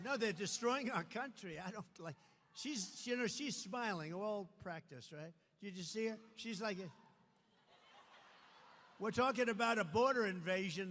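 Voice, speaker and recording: An American man giving a campaign rally speech, with repetitive, punchy declarations that rise into shouts. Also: high-pitched, big-room sound, slight background noise. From United States. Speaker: political candidate. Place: large venue at a campaign event.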